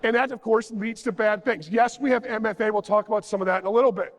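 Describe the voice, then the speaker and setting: High gravelly-voiced man in a hall. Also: fast. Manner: jokey, sarcastic, acts out little dialogues. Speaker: conference speaker. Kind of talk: conference talk. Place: large conference hall. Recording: reverberant conference hall.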